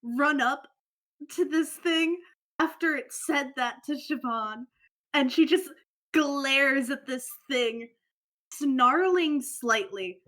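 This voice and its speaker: Higher woman's voice, bright and forceful, eager tabletop player. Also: takes it slowly. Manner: chatty, eager, checks rules aloud. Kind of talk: casual tabletop play.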